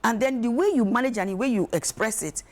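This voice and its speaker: Animated woman, high voice. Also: quick pace. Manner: animated, emphatic, acts out quoted voices. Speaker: guest expert on emotional wellbeing. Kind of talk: studio talk show discussion.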